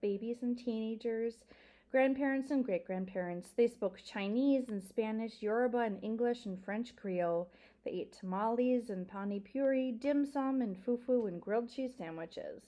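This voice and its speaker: A woman teacher reading a children's novel aloud to young pupils, expressive and sometimes dropping to a whisper. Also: a little high, normal speed.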